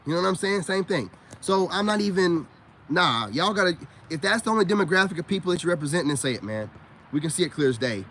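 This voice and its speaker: A man's voice: high-pitched, animated, fast talker, fairly bright tone, a little hiss or hum. A man giving a blunt, profane lecture in a casual rant straight to camera. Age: adult parent. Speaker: vlogger. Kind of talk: casual ranting monologue.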